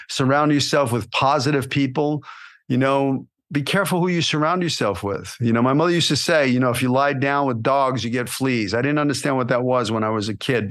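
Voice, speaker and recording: A man hosting a podcast as an acting coach, giving motivational advice in a lively, coaching way, often tagging on "right?" and "you know". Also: mid-range voice.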